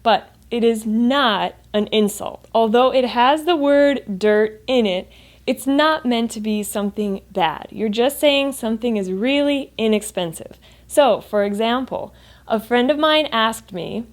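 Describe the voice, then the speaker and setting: An American woman teaching English pronunciation in a clear, upbeat manner, modeling sounds slowly for the listener. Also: a little high. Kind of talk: scripted English lesson to camera.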